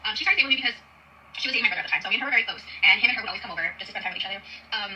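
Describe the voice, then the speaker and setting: Woman, rapid-fire storyteller, bright edge, off-mic in a parked car. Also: mid-range voice, far from the mic, muffled recording, slight background noise. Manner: rapid, emphatic, talks while eating. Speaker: storyteller in a posted clip. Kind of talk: casual storytelling to followers.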